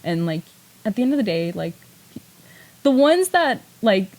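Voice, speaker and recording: A woman's voice: medium pitch, normal speed, poor audio. A woman hosting a podcast in casual chat, rambling with lots of fillers and laughing often as she talks. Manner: rambling, filler-heavy retelling with frequent "like"; animated, laughs often while talking. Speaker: podcast host.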